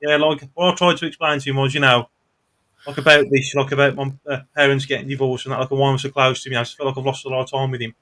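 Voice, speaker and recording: A man's voice: medium pitch, flat delivery, rapid-fire, bright, forceful tone. A man with a Black Country accent hosting a podcast in casual chat, talking openly and filling his speech with little asides. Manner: chatty, open, lots of fillers. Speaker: podcast host.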